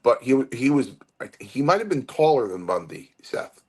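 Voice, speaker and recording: A man's voice: mid-range voice, normal speed, husky. A man in his late fifties, a retired wrestler, telling long stories as an interview guest, full of restarts and acted-out quotes. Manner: animated storyteller with many restarts and acted-out quotes. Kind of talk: storytelling interview.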